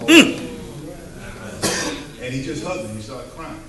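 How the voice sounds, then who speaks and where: At his father's funeral in a church, a son gives a heartfelt eulogy, telling stories with emotion and calling out "Amen" to the congregation. His medium-pitched voice is expressive at a moderate pace with long pauses. The mic is far off in an echoey room, with crowd noise audible.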